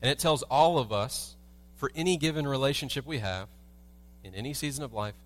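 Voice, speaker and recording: A man's voice: medium pitch, a little fast. A man preaching a sermon as a pastor in a church, telling everyday stories with humor and asking the congregation rhetorical questions. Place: church sanctuary.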